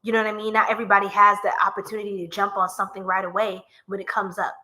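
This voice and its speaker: A woman's voice: medium pitch, flat delivery, very fast, bright, forceful tone. A woman hosting a casual livestream tarot reading, playful and chatty, laughing often and talking to her chat in slang. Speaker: tarot reader and livestream host.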